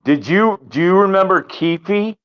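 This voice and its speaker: Slow, halting man on a dull line. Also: sits high, animated, a bit bright. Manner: slow, halting, repeats words. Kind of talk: casual chat. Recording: dull lo-fi sound.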